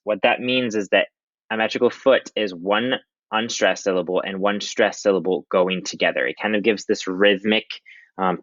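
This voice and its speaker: A young adult man, a high school English teacher, giving a casual recorded slideshow lecture with many ums. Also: a bit bright, no echo. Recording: dry, dull lo-fi audio.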